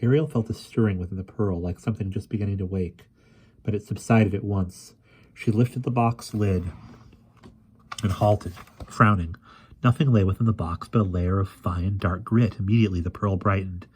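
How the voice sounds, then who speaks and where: A man reads a fantasy novel aloud in a steady, measured way. His voice sits low and sounds dark and mellow. Now and then he restarts a word and carries on. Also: slightly rough. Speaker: reader. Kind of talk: audiobook narration.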